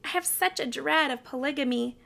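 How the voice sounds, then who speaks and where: A woman reading the lines of an earnest, reserved young pioneer woman in a storybook, in a gentle voice. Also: high voice, brisk, vocal fry, heavily acted.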